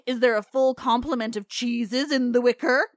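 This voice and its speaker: A woman voicing a gruff, bossy male cyclops giant, barking orders in a blunt, blustering way. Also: fairly high pitch, steady tone, moderate pace, no echo, clean studio sound, close to an everyday voice.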